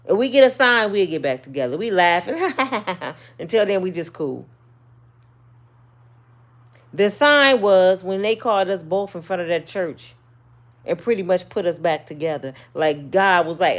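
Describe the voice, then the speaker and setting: Animated, sassy woman telling a story. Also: mid-range voice. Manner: animated, sassy, swings between loud and soft. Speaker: channel host. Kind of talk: casual storytelling to viewers.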